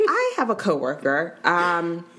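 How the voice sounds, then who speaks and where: A young woman co-hosting a casual podcast, telling a story in a measured way with frequent pauses and ums. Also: lowish voice, huge pitch swings, a bit bright. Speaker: podcast co-host.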